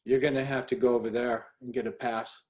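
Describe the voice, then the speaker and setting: A man's voice: medium pitch, level tone, fairly quick, close to an everyday voice. A man voicing a big, burly male ticket taker who speaks bluntly. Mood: gruff.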